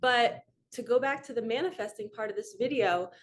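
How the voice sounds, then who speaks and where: A woman's voice: on the high side, a little fast, a little hiss or hum. A woman in her forties, a manifestation coach, telling a personal story in a candid, emotional, rambling way.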